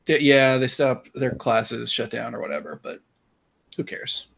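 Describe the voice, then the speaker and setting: A man's voice: mid-range voice, very animated, gravelly, a bit bright. A male comedian guest on a podcast, bantering with playful mock bragging. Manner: playful, mock-boastful, quick. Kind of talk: casual comedy chat.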